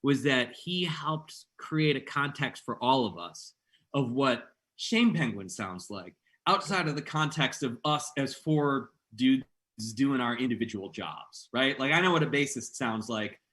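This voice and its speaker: A band member speaking quickly and earnestly in a casual interview. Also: male voice, mid-range voice, animated, fairly bright tone.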